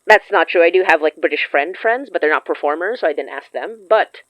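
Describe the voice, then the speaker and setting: A woman's voice: lowish voice, lively intonation, dry recording. Chatty woman podcaster, dry dull mic. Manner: laughs often, quick and chatty. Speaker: podcast co-host, audio drama creator. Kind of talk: casual chat.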